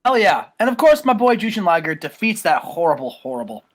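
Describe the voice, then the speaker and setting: Upbeat guy hosting a podcast, kinda higher voice, goofing around with his cohost. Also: sing-song, a little fast. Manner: upbeat, playful banter. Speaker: podcast host. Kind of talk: casual chat.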